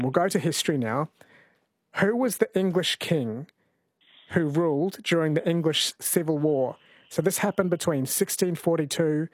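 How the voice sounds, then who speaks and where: A man's voice: fairly high pitch, dry recording. A man hosting a radio phone-in quiz in a casual, chatty way, laughing easily.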